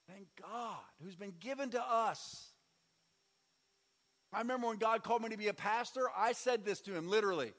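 A man preaching a sermon as pastor, calling on the congregation to repeat after him and swinging between loud and soft. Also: high-pitched, lively intonation, moderate pace, pauses often. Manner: preaching with audience call-and-response and sweeping shifts in volume. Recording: long reverb of a large hall.

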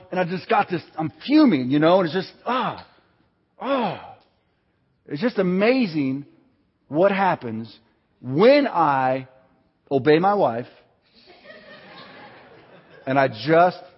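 A man preaching a sermon in a lively, conversational way, swinging between loud and soft delivery. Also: sits high, slightly rough. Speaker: pastor. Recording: dull sound with long hall reverb.

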